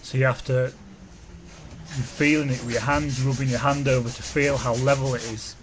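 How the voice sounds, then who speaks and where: Man, car body repairer, flat monotone voice-over, hesitant, noisy track behind. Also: medium pitch, normal speed. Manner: self-described monotone, nervous, with frequent ums. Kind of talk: voice-over narration of a repair video.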